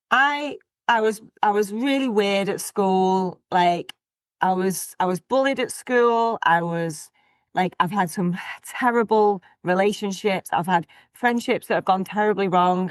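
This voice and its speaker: A middle-aged woman, a podcast guest telling stories in a blunt, direct, lively way. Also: mid-range voice, dry recording. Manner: blunt, direct, animated storytelling. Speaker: podcast guest, business coach. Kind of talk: casual interview chat.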